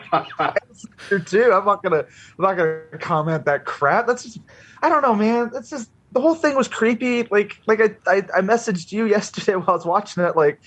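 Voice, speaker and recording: A man's voice: high-pitched, fairly bright tone, breathy edge. A man guesting on a movie podcast, rambling in casual chat full of "like" and the odd curse. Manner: rambling, profane, many "like" fillers.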